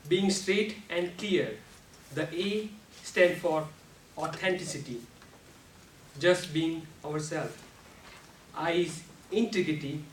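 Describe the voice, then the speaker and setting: A man delivers a prepared speech at a measured, unhurried pace, his fairly high voice picked up from across an echoey meeting room. His grammar is non-native, and he breaks off to demonstrate pitch and volume with sudden bursts. A faint hiss sits under the distant recording. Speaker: club speaker giving a speech. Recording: echoey room, speaker far from mic, faint noise.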